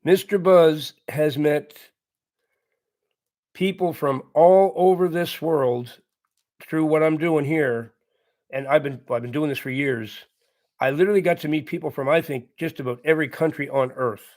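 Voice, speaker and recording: Unhurried and a little high-pitched with a darkish tone, this livestream host reads his chat aloud and replies to viewers. His manner is earnest and casual, marked by repetition and frequent chuckling.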